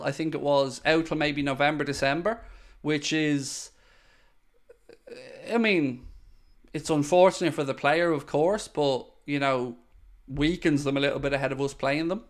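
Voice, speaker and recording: A man's voice: fairly high pitch, fairly even intonation, normal speed. A man hosting a casual live-stream podcast, answering viewer comments bluntly and swearing when worked up.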